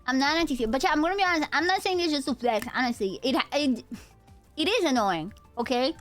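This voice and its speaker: A young woman in her twenties with a fairly high, nasal voice, chatting loosely with her stream audience. She talks straight to her chat, sliding between a tired, laid-back tone and bursts of energy. Faint music plays under her speech. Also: lively intonation, fast, fairly bright tone. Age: 20s. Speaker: VTuber streamer. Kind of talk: casual live-stream chat.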